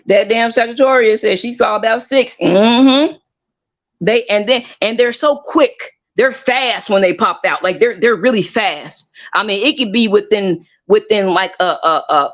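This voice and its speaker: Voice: medium pitch, fairly bright tone. A host giving casual gossip commentary in a chatty, emphatic way, often repeating and restarting phrases. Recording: slightly muffled lo-fi audio.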